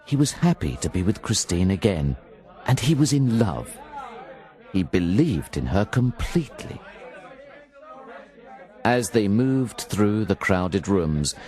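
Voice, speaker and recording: Male audiobook narrator, lowish voice, lots of pitch movement, slow, dry close sound. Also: some chatter behind. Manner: expressive, measured storytelling. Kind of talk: scripted narration.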